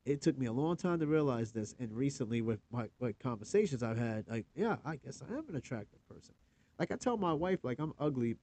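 A man's voice: mid-range voice, sing-song, brisk, mellow, slightly rough. A man around forty hosting his own podcast, talking alone in a rambling, candid way with lots of fillers and some swearing. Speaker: podcast host. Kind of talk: casual solo podcast monologue.

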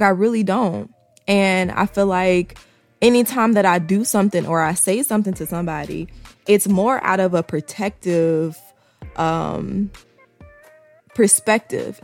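A woman's voice: medium pitch, creaky, a little mellow. A woman talking candidly to her viewers in a casual monologue, swearing freely and repeating key lines for emphasis.

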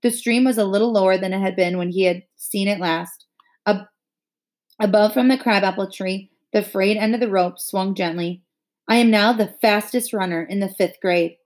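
A woman narrating a novel chapter aloud, expressive and rising with the emotion of the scene. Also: mid-range voice.

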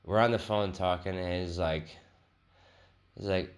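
A man's voice: lowish voice, moderate pace. A man hosting a podcast, telling a rambling, profane, joking story in a casual way. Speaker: podcast host.

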